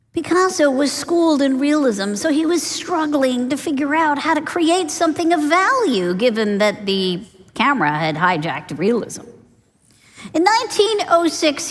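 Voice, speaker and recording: A woman's voice: high-pitched, a bit bright, big-room sound. A woman giving a business conference keynote, telling stories with rhetorical questions and stressed words. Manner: storytelling with rhetorical questions and emphasis. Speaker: keynote speaker. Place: large conference hall.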